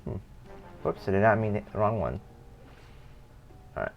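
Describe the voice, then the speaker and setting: Young man, streamer, casual rambling chat, lively pitch, faint music behind. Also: unhurried, gravelly, lo-fi sound. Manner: rambling, self-correcting, chuckling. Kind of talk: casual live-stream chat while gaming.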